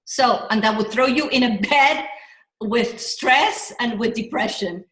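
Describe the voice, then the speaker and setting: Middle-aged female coach, higher voice, rambling and animated, echoey room. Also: measured pace. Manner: animated, rambling, with restarts and self-corrections. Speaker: business coach. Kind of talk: motivational workshop talk.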